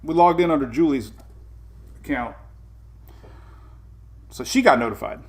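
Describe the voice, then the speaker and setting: A man's voice: fairly high pitch, lively intonation, a little slow. A man with a Southern US accent hosting a casual weather live stream, rambling and greeting viewers by name. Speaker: weather show host.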